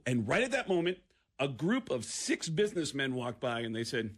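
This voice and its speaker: A man's voice: on the high side, very animated, a little fast, fairly bright tone, slightly rough. A man, a guest comedian, telling a story on a radio show, acting out the quotes and stammering and repeating himself as he goes.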